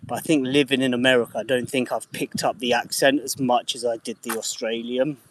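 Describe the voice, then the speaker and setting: A man's voice: mid-range voice, steady tone, brisk, slight background noise. Casual English man chatting on a live stream. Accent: English, slightly mixed. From England. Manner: swears casually, chats to viewers by name. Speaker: livestreamer.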